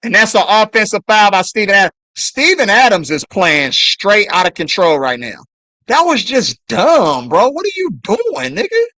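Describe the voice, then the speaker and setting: A man calling a basketball game live as a fan on a stream, swearing and yelling at the players between play-by-play. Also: high-pitched, normal speed, no echo. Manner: excited, profane trash talk at players. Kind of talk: fan play-by-play watch-along.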